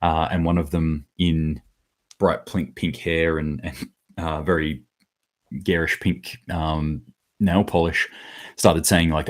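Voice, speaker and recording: A man's voice: extremely low pitch, fairly even intonation, unhurried. A man hosting his own daily preparedness commentary, talking casually and bluntly, rambling a little and swearing now and then. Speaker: host of a daily preparedness news show.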